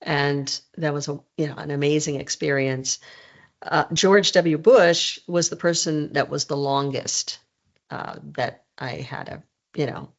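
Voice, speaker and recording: A middle-aged woman, a former journalist, telling anecdotes in a relaxed interview, with many fillers and restarts. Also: low voice, unhurried, lo-fi sound. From New Orleans roots. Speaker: guest, former television journalist. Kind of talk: casual storytelling interview.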